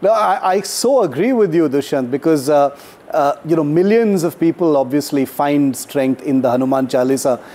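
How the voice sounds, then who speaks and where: A man hosting a talk-show interview, speaking in a measured way with frequent fillers. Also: a little high, lively intonation, dark tone. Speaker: host.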